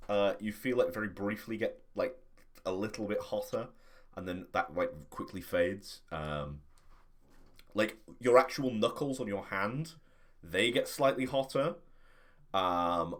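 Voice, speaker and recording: A man narrating a tabletop spy game as game master, in a loose, casual way with many fillers. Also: on the low side.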